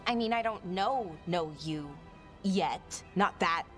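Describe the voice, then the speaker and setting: An actress voicing a video game character who talks in an awkward, rambling way. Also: female voice, on the low side, takes it slowly, fairly bright tone, faint music behind. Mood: flustered.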